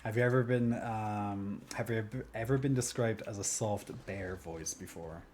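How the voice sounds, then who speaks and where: A male streamer rambles and jokes at his own expense while he plays. His voice sits a little low. A faint hiss of ambience runs under a desk mic. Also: darkish tone. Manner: rambling, self-mocking, quick to laugh. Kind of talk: casual chat while gaming on stream. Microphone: desk mic near a clicky mouse.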